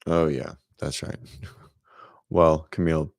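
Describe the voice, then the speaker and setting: A man's voice: extremely low pitch, flat delivery, takes it slowly, creaky, a little mellow, no room sound, clean studio sound. A man hosting a casual morning fitness livestream from home, chatting loosely, greeting viewers by name and rambling as he goes. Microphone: desk microphone.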